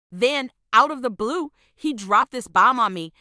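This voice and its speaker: Woman, scripted storytime narration, exasperated, sarcastic, slightly high voice, dry sound. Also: moderate pace, bright, forceful tone, no room sound.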